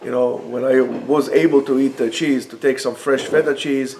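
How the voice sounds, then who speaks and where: A man with a mid-range voice and vocal fry leads a Torah class in a yeshiva study room at normal speed. He's lively, voicing the text's characters and blending Hebrew quotations with explanation.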